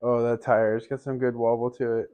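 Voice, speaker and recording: A man in a home garage chats about his bikes, wandering off topic and laughing at himself. His voice sits at an everyday middle pitch. The sound is dry and close. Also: little pitch movement, normal speed, dark tone, dry recording. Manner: rambling, laughs often, chatty asides. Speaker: bike vlogger. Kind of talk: casual garage vlog.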